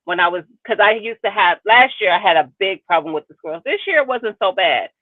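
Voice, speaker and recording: A woman talking frankly and emphatically in a relaxed chat. Her voice comes through dry and narrow, like a phone line, with no room sound around it. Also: mid-range voice, brisk, dry recording. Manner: frank, emphatic, laughs easily. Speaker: co-host of a gardening live stream. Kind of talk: casual chat. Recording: dry, tinny phone-like call audio.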